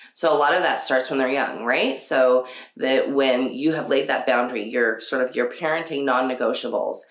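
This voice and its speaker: With a bass voice that's a bit bright, this female podcast host keeps a parenting conversation casual and chatty, laughing frequently and using many fillers. The recording sounds roomy and echoey.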